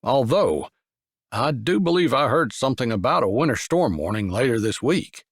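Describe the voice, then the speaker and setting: A male narrator voicing a steady, exasperated older brother in an audiobook, with a dry, lowered delivery. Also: moderate pace, husky, no room sound. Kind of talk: audiobook character voice.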